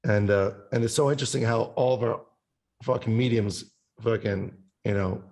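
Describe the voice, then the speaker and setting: Rambling, cursing male musician with gravelly voice. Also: lowish voice, normal speed, darkish tone. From Italian family background. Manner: rambling, swears a lot, sings snippets. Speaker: podcast guest musician. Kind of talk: casual chat.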